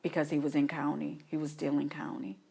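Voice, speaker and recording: A middle-aged woman from New Orleans speaks in a deep voice with a gravelly edge. She tells her story in an interview, and she acts out the things she once said and felt. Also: brisk. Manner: animated retelling, acts out her own past reactions. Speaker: guest, mother of an incarcerated son.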